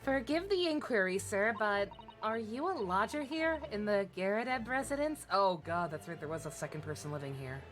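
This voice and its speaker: A woman's voice: mid-range voice, very animated, normal speed, hardly any pauses, lightly acted. A woman voicing a flustered young male lawyer who mutters profane asides, over game music.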